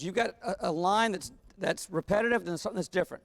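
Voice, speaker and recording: A man's voice: high voice, fast talker, gravelly, hardly any pauses. A man conducting a wind band rehearsal, talking players through phrasing and singing the rhythms on syllables. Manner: sings rhythms on syllables, coaxing and instructive. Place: large rehearsal hall. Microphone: wireless body mic. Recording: long hall reverb, band music behind.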